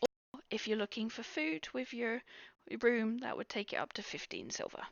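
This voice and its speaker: A woman's voice: a little high, moderate pace, vocal fry, no echo, pitched above the performer's own voice. A woman voicing a cheerful young female halfling innkeeper who is welcoming, chatty and a little rambling, in a tabletop game. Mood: helpful. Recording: muffled dry recording.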